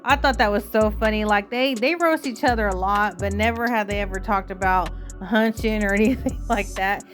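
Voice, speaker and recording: A woman's voice: mid-range voice, normal speed, faint music behind. A woman chatting casually about clips for her channel, amused and talkative. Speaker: commentary channel host. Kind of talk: casual commentary over clips.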